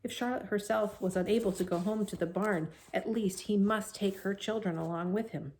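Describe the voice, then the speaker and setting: A woman reading a children's novel aloud to young listeners, expressive, with friendly asides. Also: medium pitch, normal speed.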